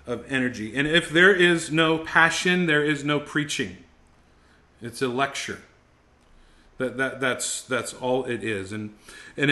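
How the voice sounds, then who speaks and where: Male ministry instructor, middle-aged, sharp bright voice, fervent classroom delivery, repeats himself as he builds. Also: medium pitch. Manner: intense, emphatic, rising to fervent exhortation; frequent word repetitions and restarts. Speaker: ministry school teacher. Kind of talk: classroom teaching on preaching.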